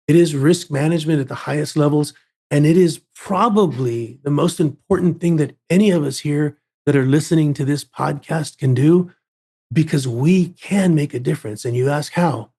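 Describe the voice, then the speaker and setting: A man's voice: on the high side, moderate pace, warm tone, slightly rough. A man who is a guest on a podcast interview, telling a story in an emphatic way and often repeating words as he builds up a point.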